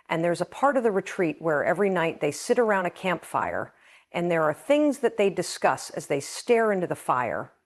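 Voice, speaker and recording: A middle-aged woman hosts a podcast in an earnest, heartfelt monologue. Her voice sits a little low for a woman, and she speaks with open feeling. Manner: earnest, emotional, reads passages aloud. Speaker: podcast host.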